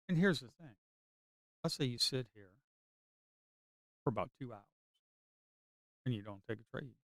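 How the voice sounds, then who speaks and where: A man's voice: medium pitch, animated, slow pace, pauses often, dry recording. A middle-aged man giving casual live commentary while trading. He is chatty, repeats himself and adds sarcastic asides. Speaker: day trader streaming live.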